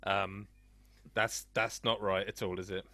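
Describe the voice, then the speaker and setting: A man's voice: lowish voice, little pitch movement, a little slow, crowd noise. A man hosting a casual podcast chat, who rambles, laughs often and talks over his co-hosts. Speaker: podcast host. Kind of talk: casual banter.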